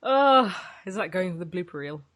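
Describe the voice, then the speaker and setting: A woman's voice: on the low side, animated, normal speed, a bit bright, no room sound, studio quality. Blunt, teasing woman podcaster. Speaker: podcast co-host. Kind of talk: casual chat.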